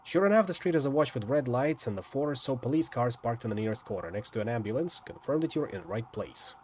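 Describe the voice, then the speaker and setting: Male streamer reading a story game aloud, lively delivery with playful asides. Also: medium pitch, fast talker, a little hiss or hum. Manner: lively, lightly dramatic narration with asides. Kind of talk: reading a visual novel aloud.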